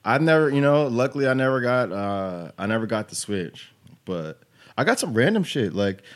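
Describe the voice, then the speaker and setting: A man's voice: mid-range voice, sing-song, normal speed, a little hiss or hum. A man in his late twenties hosting a podcast, telling stories loosely with lots of "like" and "you know what I'm saying". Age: 20s. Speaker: podcast host. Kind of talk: casual chat.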